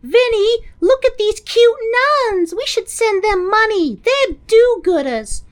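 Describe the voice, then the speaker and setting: A podcaster voicing a gangster's wife who coos in a very high voice. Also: animated, slow, full character voice. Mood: cooing. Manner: cooing, squealing high. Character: cooing gangster's wife, adult woman.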